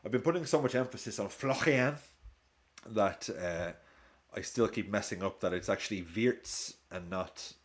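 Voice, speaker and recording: A man hosting a live football watch-along stream, casually chatting with viewers and reacting to the match. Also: fairly quick. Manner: chatty, reacts to play and reads chat aloud; lively swings in pitch.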